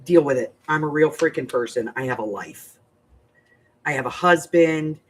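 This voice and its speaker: In a deep, husky voice at a moderate pace, a grandmother who hosts a crafting livestream rambles bluntly to her viewers. The older woman keeps the chat casual and direct.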